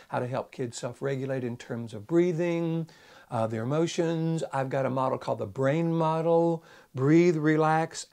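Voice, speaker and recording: Gravelly, folksy male psychologist teaching. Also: fairly high pitch. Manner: animated, acts out little parent-child dialogues; conversational, folksy. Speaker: psychologist and speaker. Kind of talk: teaching talk to camera.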